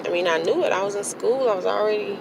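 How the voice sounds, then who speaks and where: A woman with a gravelly, creaky edge to her voice talks straight to the camera in a casual vlog, blunt and determined. She is psyching herself up. Clear noise hums behind her. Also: mid-range voice, quick pace. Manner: blunt, self-motivating, working herself up. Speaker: vlogger.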